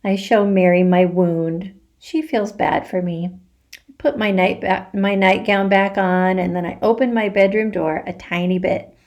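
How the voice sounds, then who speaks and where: A woman reads a children's chapter book aloud at an unhurried pace, with an expressive storytelling manner. Her pitch sits in the middle of the range. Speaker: teacher reading aloud.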